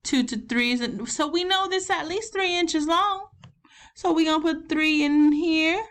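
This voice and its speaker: A woman's voice: sits high, a little slow, a bit bright. A woman with a Southern US accent, playing a chatty grandmother who fills in as teacher, talking students through a math lesson step by step. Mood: patient. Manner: folksy, encouraging, talks students through each step.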